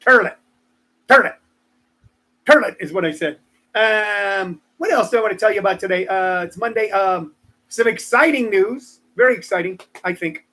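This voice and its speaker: A comedian in his sixties hosts his live stream, wandering through stories and tossing joking asides to viewers in a casual monologue. His voice is high and fairly bright, at a moderate pace.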